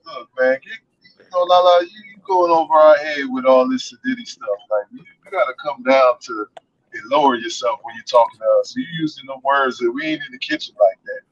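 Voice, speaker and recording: A man's voice: medium pitch, fairly quick. Stammering slangy man, dull lo-fi line. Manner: stammering, repeats words, slangy. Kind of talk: casual chat.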